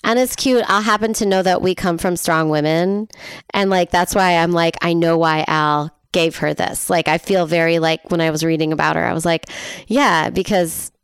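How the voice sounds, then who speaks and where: A woman's voice: on the low side, fairly even intonation, moderate pace, clear, resonant tone, dry recording, studio quality. A woman co-hosting a podcast in casual chat, telling stories, chatty and laughing often. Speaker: podcast co-host.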